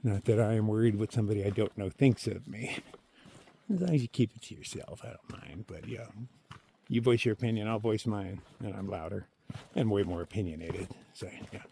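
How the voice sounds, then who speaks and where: A man talking casually to his camera while hiking a forest trail, chatty and opinionated, thinking out loud to himself. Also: fairly low pitch, a little fast, vocal fry. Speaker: solo thru-hiker filming his hike. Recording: faint outdoor noise behind the voice.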